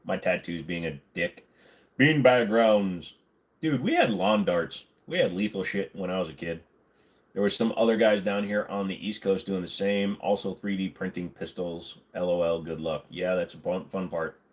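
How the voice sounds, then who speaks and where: A man with a low-sitting voice hosts a casual livestream at a moderate pace, reading chat and joking around. He's chatty and jokey, slipping now and then into goofy voices.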